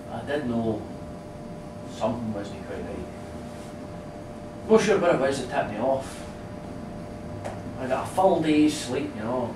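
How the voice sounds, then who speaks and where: A man's voice: mid-range voice, recorded from a distance, natural voice. A man doing a rambling man musing on death. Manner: chatty, meandering monologue. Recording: echoey room from afar, hissy.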